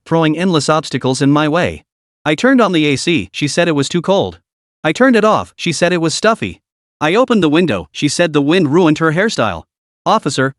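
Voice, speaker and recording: A man's voice: a little high, no echo, studio quality, natural voice. A man doing a whimpering fake-victim driver. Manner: trembling, aggrieved, melodramatic. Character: tearful self-pitying male driver faking victimhood.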